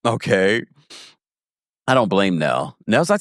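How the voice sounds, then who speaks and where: A man giving a casual, animated recap of a reality show, laughing often and acting out quotes in a higher voice. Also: normal speed, dry recording, clean studio sound. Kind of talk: casual commentary.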